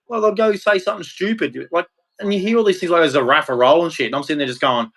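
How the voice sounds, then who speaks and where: An Australian vlogger in his thirties rants in a blunt, heated monologue, swearing freely and speaking plainly without polish. His voice is somewhat high for a man, fast, fairly bright, and a little rough.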